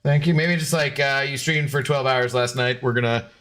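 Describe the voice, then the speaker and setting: A man's voice: mid-range voice, fairly even intonation, normal speed, fairly bright tone. A man chatting casually on a live game stream, scattered and talkative as he sorts out technical issues. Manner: chatty and scattered, baby-talking to his dog.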